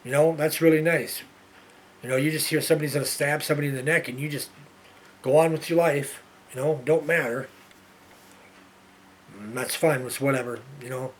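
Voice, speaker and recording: A man's voice: on the high side, steady tone, brisk, long pauses, a little hiss or hum. A man hosting his own show, ranting in an exasperated way, repeating himself and restarting his sentences. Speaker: show host. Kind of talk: ranting monologue.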